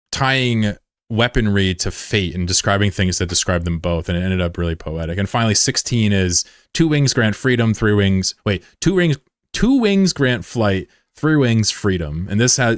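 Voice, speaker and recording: A man with a Mid-Atlantic American accent who streams a game and chats casually in a plain, monotone way while reading viewer messages. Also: sits low, no echo, studio quality. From United States. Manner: self-described monotone, plain and laid-back.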